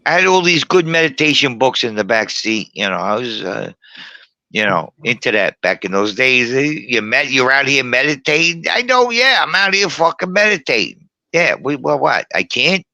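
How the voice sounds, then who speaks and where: Profane, lively bar storyteller man. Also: mid-range voice, normal speed, gravelly, no room sound. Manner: profane, combative, boastful. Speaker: guest storyteller. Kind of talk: rowdy bar-room storytelling.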